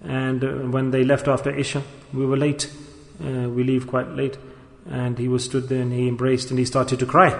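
Impassioned preacher in an echoing hall. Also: male voice, medium pitch, monotone, normal speed, creaky. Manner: emotional, rhetorical questions, drops to hushed tones. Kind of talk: sermon. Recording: echoey hall with long reverb.

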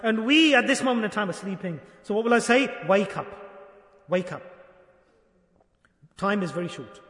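A man with a very high, bright voice delivers a sermon in a large hall that rings with long echoes. He presses his point with insistent repetition. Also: lively intonation, normal speed. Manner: emphatic, urging, repeats phrases. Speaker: preacher.

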